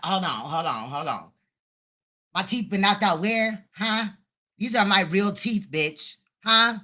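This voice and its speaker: A woman's voice with a bright, sharp edge fires off profane insults in a heated livestream rant. She is a host answering back with crude, cutting retorts. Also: mid-range voice, lively intonation, takes it slowly. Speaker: live stream host.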